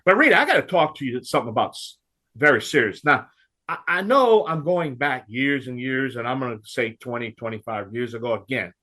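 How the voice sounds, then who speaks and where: A man's voice: mid-range voice, lively intonation, a little fast, bright, forceful tone. A man with a Cajun accent hosting a home improvement radio talk show, folksy and ranting.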